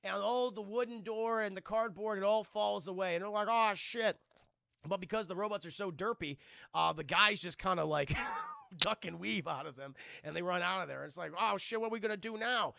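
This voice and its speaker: A man giving an animated, profane scene-by-scene film recap to his stream chat, acting out the characters' lines. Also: high voice, fairly quick, gravelly, no echo, studio quality.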